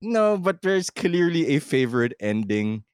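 A man co-hosting a casual podcast, his pitch lively and swinging wide as he jokes. He laughs a lot, swears freely and slips into quick impressions of the people he quotes. The sound is dry and close, with no room around him. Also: clear, resonant tone, dry recording. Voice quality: swearing, laughing, mimics lines in quoted voices. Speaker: podcast co-host. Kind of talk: casual chat.

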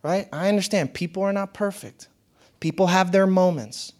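A man giving a motivational talk to an audience, casual and conversational. He often breaks into laughter. His voice swings from quiet, low stretches up to bright, excited highs. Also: normal speed. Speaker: speaker addressing an audience.

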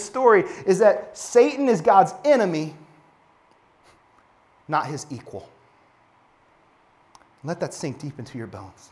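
A man preaching a sermon, building to emphatic, passionate peaks and then dropping to soft, quiet phrases. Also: high-pitched, big pitch swings, slow, long pauses.

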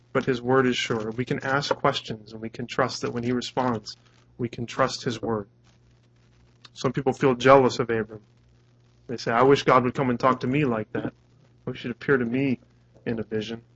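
Male pastor, earnest conversational sermon, middle pitch, muffled lo-fi recording. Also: fairly bright tone. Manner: earnest, conversational, restarts words. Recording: dull lo-fi recording.

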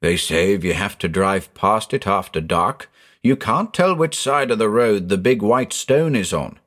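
A man voicing an excitable rustic farmer who talks in folksy backcountry speech with an excited quaver. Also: on the low side, measured pace. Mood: astonished.

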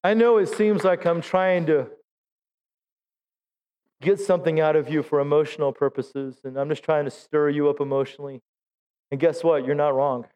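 A middle-aged man leads a Pentecostal sermon in a church, pitching his voice high as he urges the congregation to answer him. He breaks up the exhortation with jokes at his own expense. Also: fairly even intonation, normal speed, long pauses, darkish tone, smooth. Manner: exhorting, calls for audience response; self-deprecating humor. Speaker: pastor. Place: church sanctuary.

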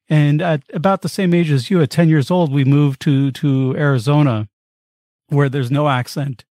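A man's voice: on the high side, moderate pace, a little mellow, dry recording, clean studio sound. A man from the East Coast of the United States hosting a podcast, chatty and self-deprecating as he tells stories. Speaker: podcast host. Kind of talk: conversational interview.

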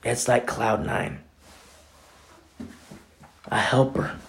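Male pastor, mid-range voice, casual animated sermon with lots of asides. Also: medium pitch, very slow, vocal fry, a little hiss or hum. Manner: conversational, animated preaching with many asides.

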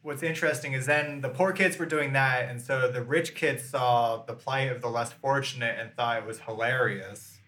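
A man co-hosting a podcast, telling a history story in a casual, deadpan way with fillers. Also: medium pitch, normal speed, few pauses. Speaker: podcast co-host. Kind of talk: casual chat. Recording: echoey room.

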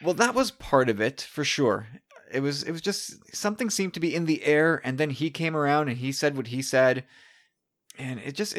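Excitable male podcast host. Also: on the high side. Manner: chatty, excitable, with frequent restarts. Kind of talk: casual chat.

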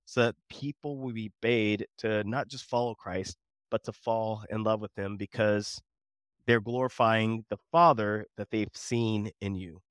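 A man's voice: lowish voice, fairly even intonation, unhurried, dry recording, studio quality. A man co-hosting a Bible lesson discussion, talking in an earnest, emphatic, preacherly way. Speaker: co-host of a Bible study show.

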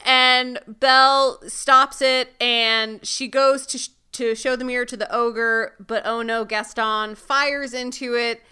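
A woman's voice: on the high side, fairly even intonation, takes it slowly, hardly any pauses, pushed and bright, clean tone. A woman co-hosting a podcast, recapping a TV episode in casual chat with playful, sarcastic asides. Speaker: podcast co-host.

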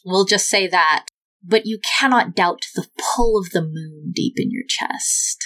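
A woman narrating a tabletop game as game master in a slow, atmospheric way. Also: lowish voice, a bit bright, poor audio.

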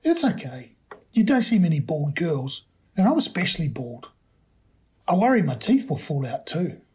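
A man's voice: a little high, sing-song, moderate pace, darkish tone. A man voicing a cheerful, teasing eleven-year-old girl in a hospital ward, in a raised, chirpy voice. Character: cheerful bald girl patient, about eleven.

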